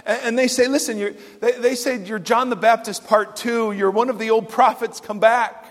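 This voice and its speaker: A man pastor delivering a sermon, swinging from loud emphatic lines to hushed, quiet asides. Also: very high voice, steady tone, normal speed, big-room sound.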